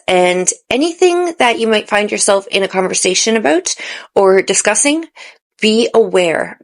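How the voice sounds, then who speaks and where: Earnest, encouraging woman vlogger. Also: mid-range voice. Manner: earnest and encouraging, with stumbles and restarts. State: tired late at night. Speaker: lifestyle vlogger. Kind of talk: motivational direct-to-camera talk.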